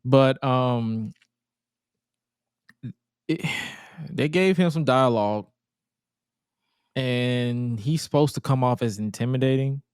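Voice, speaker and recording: A man's voice: medium pitch, slow pace, pauses often, a little mellow, clean tone, dry recording, studio quality. A man hosting a casual wrestling podcast, talking bluntly and jokingly with plenty of swearing. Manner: blunt, profane, jokey. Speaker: podcast host.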